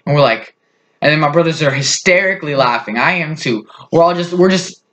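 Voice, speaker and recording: A man's voice: fairly high pitch, fairly quick, fairly bright tone. A man casually telling a funny family story on his vlog, rambling with lots of fillers. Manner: rambling, full of "like" and "you know". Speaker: vlogger.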